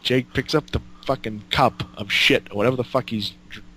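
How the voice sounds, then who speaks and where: Bright-voiced man telling a profane story. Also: mid-range voice, a little fast, breathy edge. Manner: excited, swears constantly, acts out quotes. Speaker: storyteller guest.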